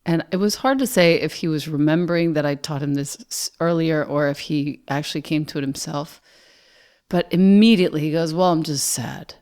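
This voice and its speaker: A woman hosting a podcast, speaking calmly and reflectively in casual conversation. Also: low voice, fairly quick, smooth. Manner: calm, reflective, brief interjections. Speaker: podcast host.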